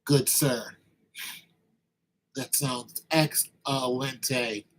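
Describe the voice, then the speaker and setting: A man's voice: medium pitch, fairly even intonation, very slow, fairly bright tone, a little hiss or hum, voice pushed down, low-quality recording. A man voicing a flirty woman he meets at the grocery store, stretching words out playfully.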